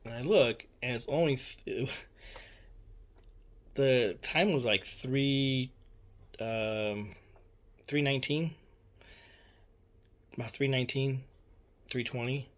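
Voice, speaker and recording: A man's voice: medium pitch, slow, pauses often. A young man telling a personal story in a casual, rambling way, repeating himself with lots of fillers and swearing. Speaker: storyteller recounting a personal experience. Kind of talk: casual spoken account.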